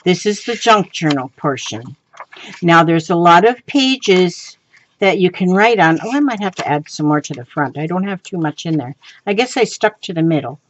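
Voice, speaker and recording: Speaking at a normal pace in an animated, rather low voice, a crafting vlogger chats through a show-and-tell of her crafts, rambling, restarting, saying um a lot, and giggling. The audio is dull and carries a slight hiss or hum.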